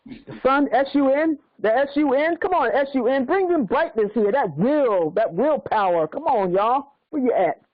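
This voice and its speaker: High-voiced woman pleading on a call. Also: lively intonation, normal speed, dry recording. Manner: pleading, repetitive, emotional. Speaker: teacher leading a group call. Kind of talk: religious study call. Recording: dry, muffled online call audio.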